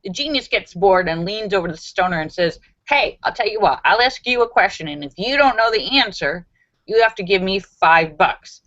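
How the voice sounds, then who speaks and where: A woman's voice: mid-range voice, animated, fairly bright tone, lo-fi sound. A woman hosting a livestream, reading viewers' jokes aloud in a casual way, laughing often and putting on voices for the quotes. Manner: reads slowly, laughs at her own jokes, puts on voices for quotes.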